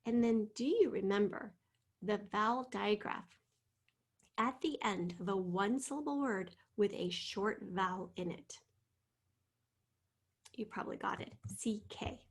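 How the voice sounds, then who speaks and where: Husky woman teacher walking kids thru spelling words, slow patient sounding-out, little whispers. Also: medium pitch. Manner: patient, sounds out letters slowly, drops into soft whispers. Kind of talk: spelling lesson to students.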